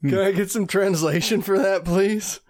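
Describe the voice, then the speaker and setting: A man hosting a podcast, asking short questions and giving quick acknowledgements in casual chat. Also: sits high, dry recording. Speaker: podcast host. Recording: loud background noise.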